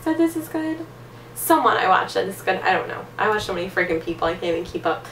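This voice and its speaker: A young woman unboxing makeup gifts in a casual vlog, excitable and gushing, gasping often. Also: medium pitch, quick pace, echoey room, distant mic, a little hiss or hum. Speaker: beauty vlogger.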